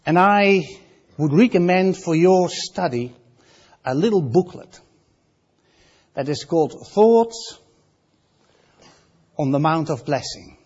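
A man with a Dutch accent preaching a sermon, swinging between loud emphasis and soft, quiet asides. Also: fairly high pitch, animated, slow pace, long pauses, lo-fi sound.

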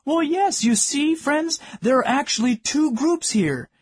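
High-voiced, husky preacher man. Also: sing-song, measured pace, no echo, clean studio sound. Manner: earnest, asks the congregation questions; addresses listeners as friends. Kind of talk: sermon.

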